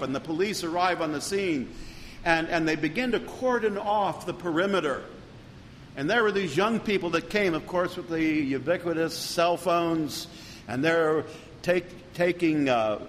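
A pastor delivering an earnest sermon, building to emphatic peaks and then dropping low. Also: male voice, fairly bright tone, in a large hall, slight background noise. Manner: earnest preaching with rising emphasis.

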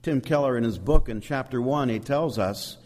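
A man preaching a sermon, animated and emphatic, with asides to the congregation. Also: medium pitch, moderate pace, long reverb tail. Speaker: pastor.

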